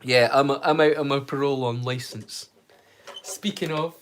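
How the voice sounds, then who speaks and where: A man's voice: mid-range voice, slow, long pauses, fairly bright tone. A British man hosting a live watch-along stream, chatting casually in a jokey, rambling, self-mocking way to his viewers. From United Kingdom. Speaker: livestream host.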